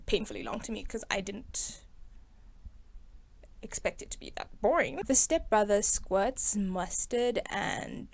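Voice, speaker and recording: A young woman hosting a film review in casual, sarcastic commentary, chatty and quick to laugh. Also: medium pitch, creaky. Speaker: video host reviewing a film.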